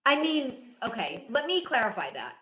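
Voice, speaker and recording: Bright, outspoken woman streaming in an echoey room. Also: fairly high pitch, big pitch swings, moderate pace. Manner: outspoken, blunt, swears freely. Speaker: livestream host. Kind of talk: casual livestream chat answering viewer comments.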